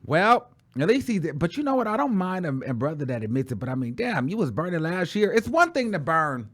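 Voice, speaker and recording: A man hosting his own show, telling a story in a sassy, dramatic way and calling his listeners "girl", with sudden loud exclamations. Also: a little high, sing-song, a little fast. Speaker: show host. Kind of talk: casual storytelling chat.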